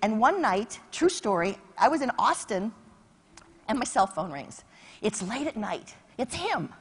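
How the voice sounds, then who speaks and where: A woman speaking from a conference stage with a high voice. Her pitch leaps and swoops as she tells stories with lots of energy. She acts out phone calls and rallies the audience. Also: unhurried, breathy edge. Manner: energetic, animated, acts out quotes. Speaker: motivational keynote speaker. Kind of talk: keynote speech with storytelling.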